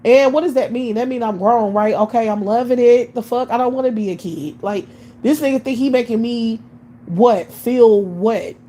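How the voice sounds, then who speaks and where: Woman, late 30s, fiery profane streamer rant, a touch high-pitched, blunt and mocking. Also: moderate pace, dark tone, slight background noise, poor audio. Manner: blunt, scornful, swears constantly, laughs mid-rant. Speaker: livestream host.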